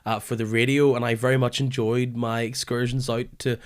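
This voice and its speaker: A man's voice: medium pitch, flat delivery. Guy hosting a footy podcast, voice worn out from being ill, keen but trips over his words a bit. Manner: enthusiastic, with halting restarts. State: weary voice from a lingering illness. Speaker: podcast host. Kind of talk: casual football podcast chat.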